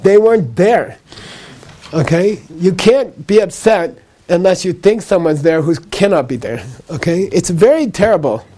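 Male Buddhist teacher, mellow tone, slightly high pitch, patient and repetitive, keeps checking "okay?". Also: animated, unhurried. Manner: repetitive, checks in with "okay?" after each point; patient explaining with a light laugh. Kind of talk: live lecture to a class.

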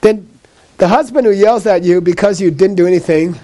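A man's voice: high-pitched, brisk, crowd noise. A man teaching a live class on Buddhist ideas, explaining patiently, repeating key points and checking in with "okay?" after each one. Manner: patient explaining with a light laugh.

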